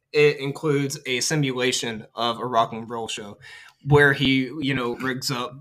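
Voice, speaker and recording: A man's voice: medium pitch, fairly even intonation, a bit bright. Rambling man recapping a movie. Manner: rambling, lots of fillers, quotes characters in quick voices. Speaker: podcast host.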